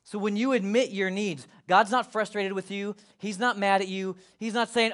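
A man's voice: high voice, fairly even intonation, moderate pace, few pauses, a bit bright. A male pastor preaching a casual, joking sermon with emphatic delivery.

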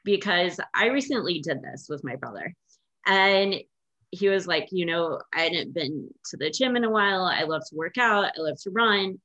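A woman's voice: on the low side, lively intonation, moderate pace, pushed and bright. A woman hosting a podcast, chatting casually and telling stories with enthusiasm. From Indiana, USA. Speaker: podcast host. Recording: dull, muffled sound.

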